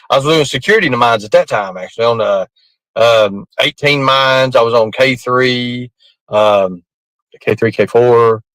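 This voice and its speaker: A man's voice: on the high side, fairly bright tone, dry recording, poor audio. A man telling a rambling story casually, laughing often and cursing freely. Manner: rambling, laughing through the tale, coarse language.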